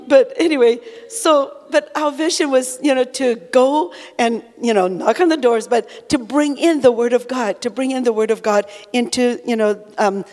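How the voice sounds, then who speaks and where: A woman's voice: a little high, a little mellow. Older woman preaching in an echoing hall. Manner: rambling, heavy "you know" fillers. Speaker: preacher giving testimony. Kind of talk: conversational sermon testimony. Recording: long echoey hall reverb.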